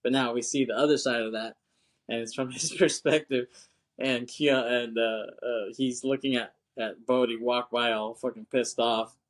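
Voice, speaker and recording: A man's voice: medium pitch, fairly even intonation, normal speed. Laid-back, slangy man on a podcast. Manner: laid-back, slangy, swears, laughs often. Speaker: podcast co-host. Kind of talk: casual film chat.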